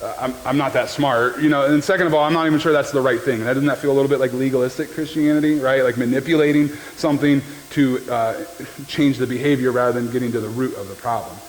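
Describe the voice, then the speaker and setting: A man's voice: medium pitch, steady tone, quick pace. A man preaching a sermon as the pastor, in a conversational, joking way that keeps checking in with the listeners. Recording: long hall reverb with faint background noise.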